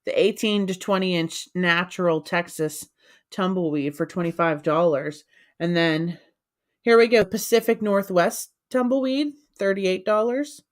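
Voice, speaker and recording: A woman's voice: fairly low pitch, measured pace. Playful woman co-hosting a live stream. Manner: playful, laughing, keeps urging viewers on. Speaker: co-host of a live resale stream. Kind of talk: casual live-stream chat.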